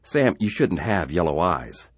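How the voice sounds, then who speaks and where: A man's voice: low-pitched, big pitch swings, measured pace, breathy edge, no room sound, voice pushed up, heavily acted. A man voicing a frightened settler who talks urgently and pleads with others. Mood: pleading. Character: anxious male settler, frantic and fearful.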